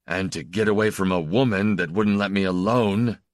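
A man reading aloud and voicing a bitter, insecure, defensive young man with a gruff, blunt manner. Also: lowish voice, moderate pace, dry recording, clean studio sound, close to an everyday voice.

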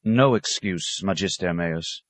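A man's voice: low voice, measured pace. A man voicing a timid seventeen-year-old novice monk who stammers and gasps his replies. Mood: anxious. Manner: stammering, breathless.

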